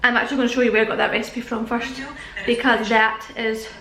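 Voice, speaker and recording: A woman's voice: a little high, little pitch movement, fast talker, bright, forceful tone. A young British woman chatting casually to camera, out of breath and rambling, laughing often. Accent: British English. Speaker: vlogger. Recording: echoey room.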